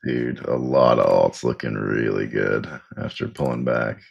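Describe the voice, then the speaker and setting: A man's voice: extremely low pitch, fairly even intonation, unhurried, gravelly, slightly rough, muffled recording. A man co-hosting a casual crypto stream, making laid-back, teasing remarks. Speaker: crypto market show co-host. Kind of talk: casual livestream chat.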